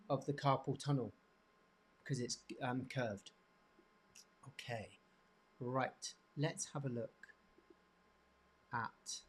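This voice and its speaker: A man teaching hand anatomy off the cuff, pointing to bones, with many restarts and frequent throat clearing. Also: medium pitch. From England. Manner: halting, repeats words, frequent throat clearing. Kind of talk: unscripted teaching demonstration.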